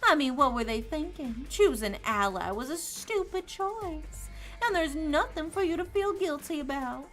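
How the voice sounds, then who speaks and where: A woman's voice: sits high, animated, measured pace, fairly bright tone, faint music behind. Woman doing a taunting drawling rabbit game master. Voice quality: Southern drawl put on. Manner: taunting, singsong, playful. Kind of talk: reading a visual novel aloud on stream.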